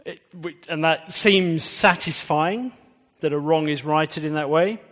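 A man's voice: fairly high pitch, measured pace, fairly bright tone. A man preaching a sermon in a conversational way, quizzing the audience. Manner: conversational, engages the audience with quiz questions. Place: church. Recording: reverberant church hall.

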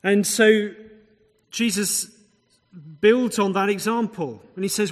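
Male preacher, conversational expository sermon, slightly raised pitch, long echo of a hall. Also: fairly even intonation, takes it slowly. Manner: expository, conversational asides, rhetorical questions.

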